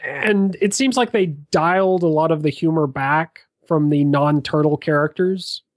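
A man's voice: on the high side, a little slow, dry recording. A man co-hosting a casual podcast chat, making dry, sarcastic points padded with fillers. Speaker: podcast co-host.

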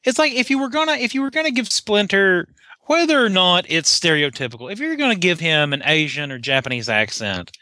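A man's voice: sits high, sing-song, fairly quick, bright, forceful tone, no room sound, clean studio sound. A man co-hosting a casual podcast chat, restarting his sentences and building to emphatic rhetorical questions. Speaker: podcast co-host.

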